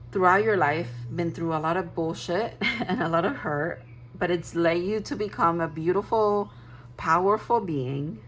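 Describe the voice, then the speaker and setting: A woman's voice: lowish voice, a little hiss or hum, low-quality recording. A woman tarot reader talking through a casual spoken card reading, dreamy and gushing, rambling with fillers.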